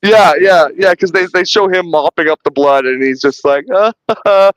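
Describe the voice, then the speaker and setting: Guy rambling thru a movie recap, kinda high voice, swears a lot, dry sound. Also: normal speed, a bit bright, dry recording, low-quality recording. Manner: rambling, many restarts and swearing, laughing retelling. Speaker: podcast host reviewing a film. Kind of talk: casual chat.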